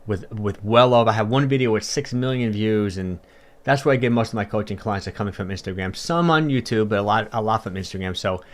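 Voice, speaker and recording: A fitness coach chats casually on a livestream, answering viewer comments in an upbeat way full of fillers and repeats. His voice is on the low side and he speaks briskly.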